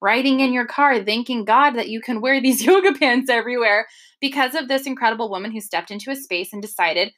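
A woman's voice: fairly high pitch, fairly quick, a bit bright. A woman co-hosting a podcast in casual chat, talking chattily with lots of "like" and "oh my gosh". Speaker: podcast co-host.

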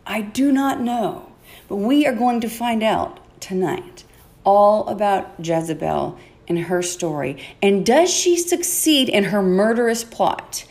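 A woman hosts a podcast and retells a Bible story with playful drama, slipping into the characters' voices and laughing at her own asides. Her pitch swings widely and her delivery stays animated throughout. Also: takes it slowly. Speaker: podcast host.

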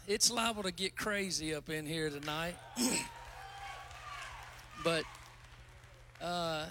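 Man, guest pastor, casual joking sermon, high voice, bright forceful tone, self-mocking, loud exclamations. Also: slight background noise.

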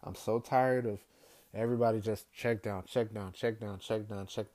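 A man hosting a solo sports show, ranting in an exasperated way, repeating himself and climbing higher in pitch when worked up. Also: steady tone, moderate pace, darkish tone. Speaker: sports podcast host. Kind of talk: solo sports commentary rant.

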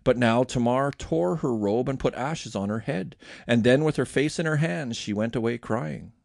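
A man hosting a daily Bible reading, reading scripture aloud with expressive, animated delivery. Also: mid-range voice, moderate pace, vocal fry, no echo, clean studio sound. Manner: expressive reading with lively voiced quotes.

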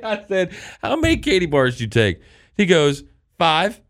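Animated man telling stories. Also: high voice, normal speed, no room sound, clean studio sound. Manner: animated storyteller, quoting people in lively voices. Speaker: radio show co-host. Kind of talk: casual radio chat.

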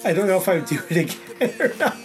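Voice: mid-range voice, sing-song, fast talker. A co-host in casual chat, recounting the events of a day at length in a conversational way.

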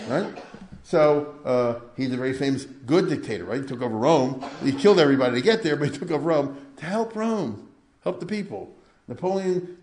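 A man's voice: mid-range voice, a little mellow, a little hiss or hum. An older man giving an informal history lecture, conversational and full of rhetorical questions. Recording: echoey room.

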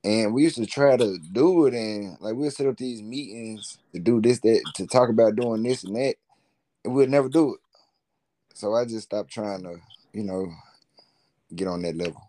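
A man's voice: fairly low pitch, moderate pace, dark tone. A man being interviewed as a musician and entrepreneur, talking in a laid-back, rambling way with plenty of slang. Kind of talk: casual interview chat.

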